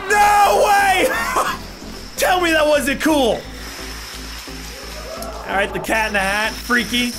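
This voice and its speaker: A young man joking through casual gaming commentary who keeps bursting into excited shouts. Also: high voice. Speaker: YouTuber.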